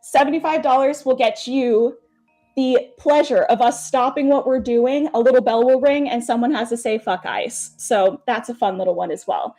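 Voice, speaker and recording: A woman with a fairly high voice runs through donation incentives as host and game master of a charity stream. She sounds upbeat and grateful, keeping it chatty with a few fillers. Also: moderate pace, mellow.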